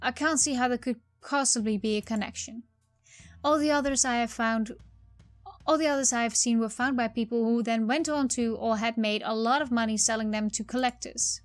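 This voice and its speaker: A woman voicing a polite male antiques expert in a game, courteous and measured. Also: fairly high pitch, faint music behind, lightly acted. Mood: informative.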